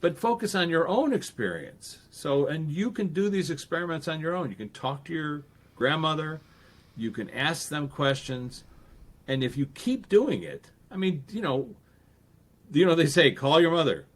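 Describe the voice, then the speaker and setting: Animated man, guest on a podcast. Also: fairly high pitch, moderate pace. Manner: animated, acts out quoted voices, frequent restarts. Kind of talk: casual conversational interview.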